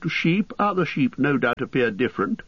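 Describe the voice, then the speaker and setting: A man's voice: medium pitch, sing-song, normal speed, slightly rough, no echo. A man doing a teasing, lighthearted elf. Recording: dry, slightly muffled studio audio.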